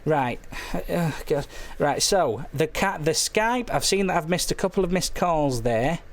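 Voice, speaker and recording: Taking it slow, a phone-in host on a late-night comedy show delivers absurd claims in a deadpan, silly ramble. His voice sits a little high and carries a slight hoarseness.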